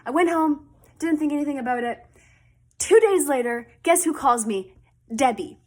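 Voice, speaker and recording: A woman vlogger telling a story in a casual, animated, dramatic way. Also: high-pitched, moderate pace.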